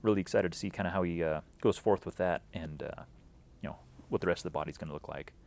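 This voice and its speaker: A man's voice: sits low, fast, gravelly, a little mellow. Rambling man recapping an event. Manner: rambling, many fillers and restarts, acts out quoted dialogue.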